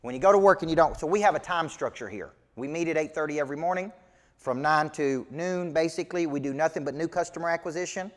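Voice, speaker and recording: His voice is fairly high and quick-paced, trailing a long reverb tail, with a Southern US accent. The man presents a live business coaching talk as motivational training, emphatic, folksy and preachy, asking questions of his audience.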